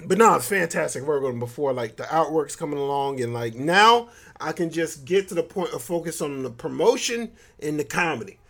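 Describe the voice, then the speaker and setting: A man hosting a solo podcast, talking loosely and joking, often breaking into laughs. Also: a little high. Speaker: podcast host. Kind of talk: casual solo podcast monologue.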